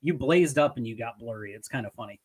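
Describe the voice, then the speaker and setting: A man's voice: mid-range voice, quick pace, slightly rough. A man from Michigan co-hosting a wrestling podcast in casual chat, rambling and swearing as he tells stories. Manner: rambling, swearing, animated storytelling. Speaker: podcast co-host.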